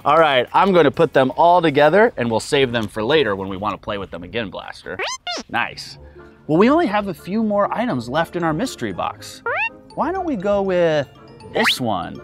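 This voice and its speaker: A young woman hosts a kids' educational show in a low voice that swoops up into excited squeals. She talks slowly and clearly to little children, with background music underneath. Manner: excited exclamations, slow and clear for kids.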